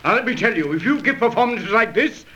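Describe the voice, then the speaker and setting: An actor playing an impatient, blustering theatre manager in an old-time radio drama. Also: male voice, high voice, expressive, quick pace, sharp tone, husky, full character voice, low-quality recording. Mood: scolding.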